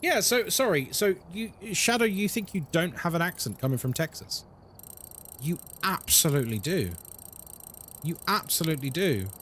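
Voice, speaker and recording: Lively, high-voiced male streamer. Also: moderate pace, a little hiss or hum. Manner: animated, swears freely, drops into mock voices. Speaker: live streamer. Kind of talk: casual live-stream chat with viewers.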